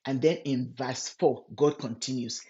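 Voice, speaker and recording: A woman giving a gentle, earnest devotional Bible teaching, speaking directly to the listener as a friend. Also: a bass voice, fairly even intonation, measured pace, muffled recording. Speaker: Christian women's ministry teacher.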